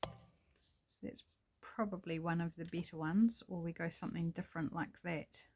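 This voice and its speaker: A woman's voice: on the low side, fairly even intonation, normal speed, a little mellow. Chatty New woman crafting at home. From New Zealand. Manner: chatty and self-deprecating, apologizes and muses while working. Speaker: craft tutorial host. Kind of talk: casual crafting tutorial, thinking aloud.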